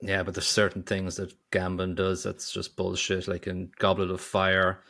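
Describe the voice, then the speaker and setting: A man's voice: sits low, monotone, normal speed, gravelly, fairly bright tone. A man co-hosting a podcast and chatting casually about a movie, jokey and prone to trailing off. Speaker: podcast co-host. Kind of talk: casual movie review chat.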